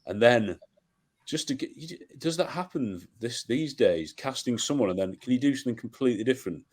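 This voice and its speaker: A man's voice: medium pitch, expressive, fairly quick, a little mellow. A man on a podcast, reflecting thoughtfully on a film in a casual chat, often restarting his sentences. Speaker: podcast guest.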